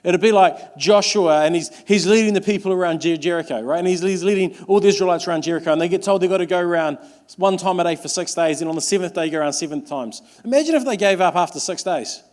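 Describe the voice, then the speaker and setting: A young man preaching a sermon, earnest and emphatic, with lots of repetition and quick restarts. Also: sits high, a little mellow. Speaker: pastor.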